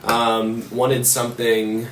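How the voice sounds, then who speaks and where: A man's voice: mid-range voice, completely flat delivery, takes it slowly, very noisy. A man from New Jersey with a New Jersey accent, chatting casually and laughing easily while catching up with a friend. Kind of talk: casual chat. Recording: roomy, distant mic with faint ambience.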